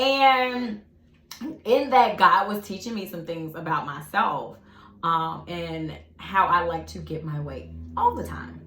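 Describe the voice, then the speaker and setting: A young woman talks casually to her viewers between bites, chatty and quick to laugh. Her voice sits a little low but swoops up and down with lots of expression. The sound carries a noticeable room echo. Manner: chatty and animated, laughing often, talking while eating. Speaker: vlogger. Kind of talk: casual mukbang chat. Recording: echoey room.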